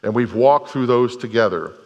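Earnest pastor in a reverberant hall. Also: male voice, mid-range voice, moderate pace, highs cut off. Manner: earnest, repeats phrases for emphasis. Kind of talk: sermon.

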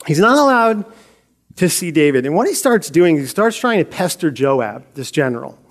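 A man's voice: fairly high pitch, very animated, normal speed. A middle-aged man teaching a Bible story in a casual, conversational way, joking and laughing as he retells it. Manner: conversational, jokey, laughs often.

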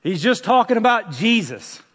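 A man preaching a sermon as pastor, impassioned and pleading, swinging between hushed and loud passages. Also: sits high, big pitch swings, normal speed. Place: church sanctuary. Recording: long hall reverb.

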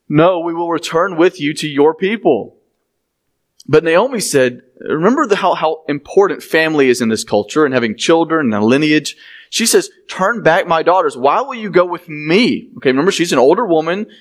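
Preacher explaining scripture. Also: male voice, on the high side. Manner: expository preaching, reading scripture aloud and explaining it to the congregation; conversational asides to listeners. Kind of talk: sermon.

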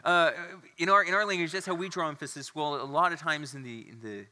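A man's voice: on the high side, brisk, pushed and bright, slight background noise. A male pastor giving a conversational sermon, with frequent fillers and restarts. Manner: conversational preaching with fillers and restarts, reads scripture aloud. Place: church sanctuary. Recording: long reverb of a church hall.

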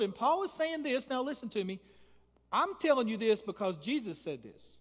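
A man preaching a sermon and leading prayer as pastor, emphatic and repetitive, building to loud peaks. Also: extremely high pitch, lively intonation, moderate pace, long reverb tail. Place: church sanctuary.

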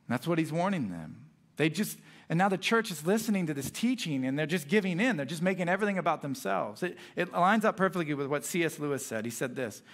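A man's voice: a little high, expressive, fast talker. A young adult man, a pastor, preaching a sermon with earnest emphasis and reading scripture aloud.

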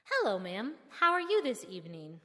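A woman's voice: mid-range voice, moderate pace, big-room sound. Kindly curious driver, as a woman storyteller puts him on. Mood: friendly. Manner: kind, eager, excited questions. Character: friendly curious male Uber driver.

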